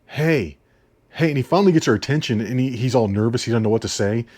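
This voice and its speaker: A man's voice: mid-range voice, very fast, a little mellow. A man talking casually about movies he watched, rambling, repeating himself and laughing often. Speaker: movie reviewer.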